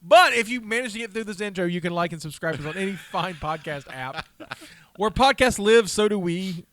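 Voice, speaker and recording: A man co-hosting a casual fan podcast, loud and jokey, laughing often and swearing offhandedly. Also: high voice, lively intonation, fairly quick, a little hiss or hum. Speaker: podcast co-host. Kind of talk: casual chat.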